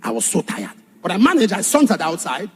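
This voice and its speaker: A man preaching a sermon and telling a personal testimony, dramatic, shouting some points and dropping low on others. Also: wildly swooping pitch, brisk, a little hiss or hum. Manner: dramatic, shouts for emphasis then drops low. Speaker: pastor.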